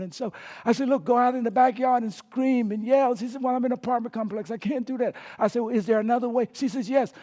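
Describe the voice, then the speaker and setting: A man preaching a sermon as pastor, calling on the congregation to repeat words, swinging between emphatic and hushed delivery. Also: extremely high pitch. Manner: preaching with call-and-response prompts to the congregation.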